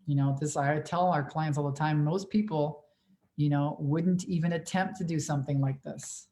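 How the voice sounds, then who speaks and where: A woman's voice: deep voice, fairly even intonation, moderate pace, mellow. A woman in her forties, a business coach on a livestream Q&A, talking in a blunt, profane, emphatic way. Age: 40s.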